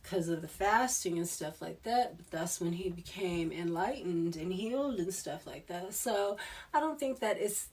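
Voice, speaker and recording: A woman's voice: lowish voice, expressive, normal speed, a little mellow, distant mic. A woman tarot reader in a casual spiritual chat, rambling and restarting her sentences, often breaking into laughter.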